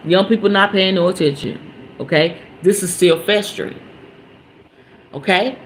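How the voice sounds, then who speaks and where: A woman hosting a podcast, telling a story in casual talk about mindfulness. She is animated and emphatic, uses salty slang and swearing, and keeps checking in with her listeners. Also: mid-range voice, unhurried, a little hiss or hum. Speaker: podcast host.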